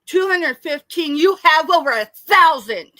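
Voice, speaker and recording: A woman's voice: high-pitched, animated, a little slow, sharp tone, no echo. A middle-aged woman, ranting angrily and tearfully on a late-night live stream. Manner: angry, tearful, confrontational.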